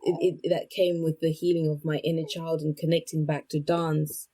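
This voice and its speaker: A woman's voice: low-pitched, little pitch movement, normal speed, mellow, rough recording. A woman from Zimbabwe speaking as a podcast guest, reflective and searching for words as she talks. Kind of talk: personal interview talk.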